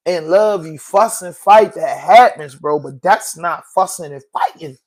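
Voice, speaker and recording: In an unhurried, slightly high voice that barely pauses, a male podcast host delivers casual commentary. He gets emotional, leans on slang, circles back to the same points and keeps calling people "bro."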